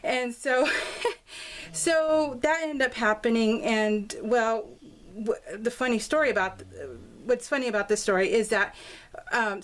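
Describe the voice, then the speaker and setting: A woman's voice: on the high side, a little hiss or hum. A middle-aged woman telling a family story in casual chat while she works on a craft project at home. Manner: chatty, laughing, restarts a lot, acts out quotes. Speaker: scrapbooking vlogger. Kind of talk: casual storytelling over a craft process video. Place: home craft room with dogs nearby.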